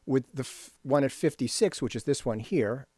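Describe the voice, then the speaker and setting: A man with a mellow, slightly rough, medium-pitched voice talks at a moderate pace. Explaining rhythm to composers in a screen-share lesson, he scats rhythms at his computer and often checks in with "right?". It's a dry, close recording with faint music.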